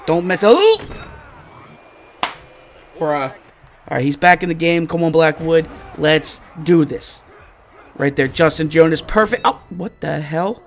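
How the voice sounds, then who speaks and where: A man hosting a gaming channel, giving live let's-play commentary and reacting excitably to each play. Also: on the high side, a little slow. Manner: excitable, yelling and groaning at plays.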